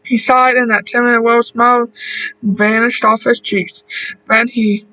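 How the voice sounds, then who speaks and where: A man narrates a horror story at an unhurried, careful pace, sometimes going back over a word. His voice is high and bright. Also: level tone, recorded from a distance, low-quality recording. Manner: slow, deliberate reading with small restarts.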